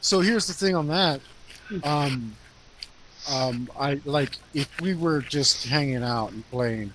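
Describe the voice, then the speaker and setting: A man's voice: medium pitch, slow, noisy background. A man chatting casually with friends, telling bar stories in a laid-back way, laughing often and trailing off with fillers.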